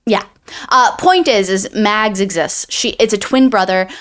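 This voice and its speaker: A woman's voice: mid-range voice, measured pace. A woman co-hosting a book review podcast, summarizing the plot in casual chat, rambling with many restarts and fillers.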